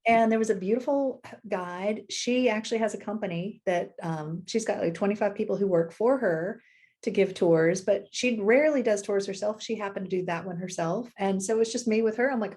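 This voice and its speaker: A middle-aged woman, a podcast guest, telling stories in a casual, animated way and laughing easily. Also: medium pitch. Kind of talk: casual storytelling chat.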